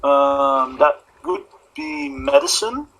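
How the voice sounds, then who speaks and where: A man's voice: very high voice, wildly swooping pitch, slow, creaky, a bit bright, low-quality recording. A man playing a tabletop game, chatting casually and asking hesitant questions. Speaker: player.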